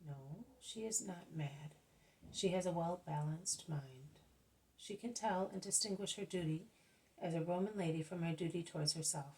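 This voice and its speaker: A woman voicing a gentle male spiritual teacher who explains in a measured, patient way. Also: lowish voice, lightly acted, rough recording. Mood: calm.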